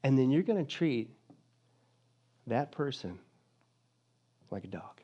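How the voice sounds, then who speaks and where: A male pastor preaching a sermon in a lively, joking manner, swinging from loud to hushed. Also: mid-range voice, takes it slowly, slightly rough, lo-fi sound.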